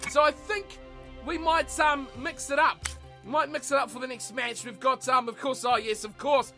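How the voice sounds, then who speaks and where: A man with an unusually high voice, calling the action of a rugby video game like a sports commentator. He reels off play-by-play in a lively, chatty way, with game music playing clearly underneath. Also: moderate pace. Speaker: video game let's player. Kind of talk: mock sports commentary over gameplay.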